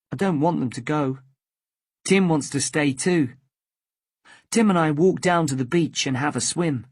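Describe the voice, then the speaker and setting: Slow careful story reader for english learners, husky voice, dry close sound. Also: mid-range voice, no room sound. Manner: slow, careful, clearly spaced.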